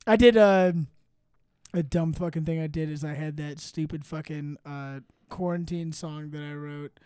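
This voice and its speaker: A man with a high, smooth and resonant voice hosts a comedy podcast. He tells stories in a loose, animated way, swearing freely and laughing often, on a dry close mic. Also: normal speed, no room sound. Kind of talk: casual chat.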